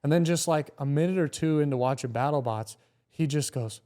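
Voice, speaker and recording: A young man, a stand-up comedian, telling casual, animated stories and swearing freely. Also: fairly high pitch, a little fast. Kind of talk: casual storytelling.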